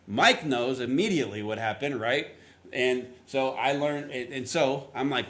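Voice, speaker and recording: Male pastor, mid-pitched, chatty storytelling sermon, voices the people in his anecdote. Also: unhurried, a bit bright. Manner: conversational storytelling, acts out quotes with rising pitch.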